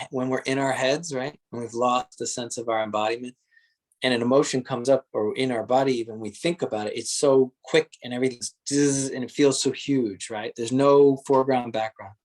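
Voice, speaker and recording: A man leading a guided meditation, speaking in slow, gentle, searching phrases and often laughing softly. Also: mid-range voice. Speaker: meditation teacher.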